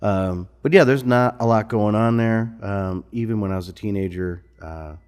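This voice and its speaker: A man from Missouri, a musician guest, telling stories in a relaxed, casual interview conversation in a bar lounge. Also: lowish voice, moderate pace, clear, resonant tone. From Missouri, USA.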